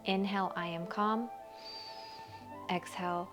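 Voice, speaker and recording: This is a woman guiding a yoga flow in a fairly low, gentle voice. She speaks slowly and soothingly and lets repeated phrases fall almost to a whisper. Clear music plays under her. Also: steady tone. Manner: slow, soothing guidance, dropping to near whispers on chanted affirmations. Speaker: yoga teacher. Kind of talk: guided yoga instruction. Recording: music playing behind the voice.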